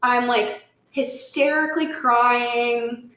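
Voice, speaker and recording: Guest, female, animated storyteller, swears freely, echoey room. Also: a little high, takes it slowly. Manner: animated, swearing, lots of "like", acts out quotes. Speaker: podcast guest. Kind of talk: casual storytelling chat. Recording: roomy echo.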